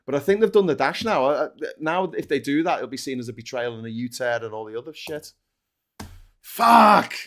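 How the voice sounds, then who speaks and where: A man's voice: medium pitch, quick pace, hardly any pauses. A man co-hosting a live political podcast, ranting passionately and swearing freely. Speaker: co-host.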